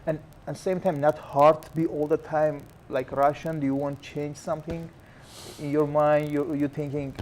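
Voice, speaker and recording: A man's voice: on the high side, flat delivery, moderate pace, a little mellow, a little hiss or hum. A male talk show host asking questions in broken, non-native English. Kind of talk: interview questions.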